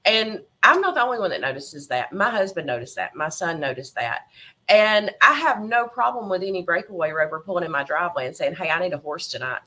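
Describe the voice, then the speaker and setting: Bright, animated Southern woman. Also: lowish voice, fairly quick. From Tennessee. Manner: emotional, animated storyteller who laughs often. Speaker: podcast guest, horse breeder. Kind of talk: casual interview chat.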